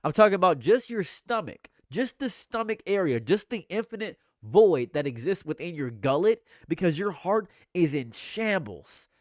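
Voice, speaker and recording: A man streaming casual live commentary, ranting in mock outrage and swinging between mumbled asides and loud outbursts. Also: high-pitched, very animated, normal speed, few pauses, no room sound, clean studio sound.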